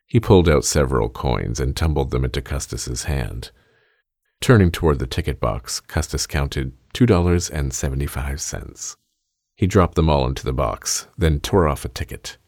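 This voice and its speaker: A man narrating a fiction story in a measured, steady reading. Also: a bass voice, no echo, clean studio sound.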